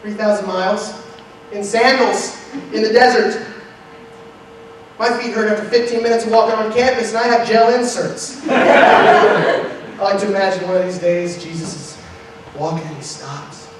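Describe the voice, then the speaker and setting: A man's voice: high voice, fairly even intonation, moderate pace, long pauses. A young man doing a stand-up set in a wry, conversational manner at a live venue. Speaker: stand-up comedian. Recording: echoey room from far off, noisy.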